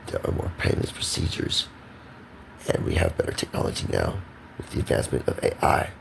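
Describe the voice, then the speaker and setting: A man's voice: fairly quick, noisy background. A man rambling in a monologue to camera, emphatic and preachy, repeating himself. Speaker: vlogger.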